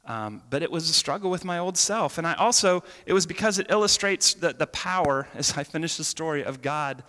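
Animated man preaching in an echoing hall. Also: on the high side, brisk. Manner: animated storyteller, lively shifts between loud and hushed. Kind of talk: sermon with personal story. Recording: long reverb of a church hall.

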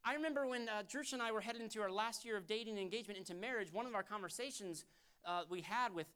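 A man's voice: high voice, fast talker, clear, resonant tone. Fervent man preaching a sermon. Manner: fervent, conversational preaching that swings from hushed to loud. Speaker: pastor.

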